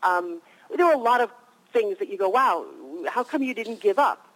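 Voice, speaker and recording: A woman's voice: fairly high pitch, lively intonation, moderate pace, poor audio. A woman in her fifties, a guest on a radio interview, telling stories with energy and animation.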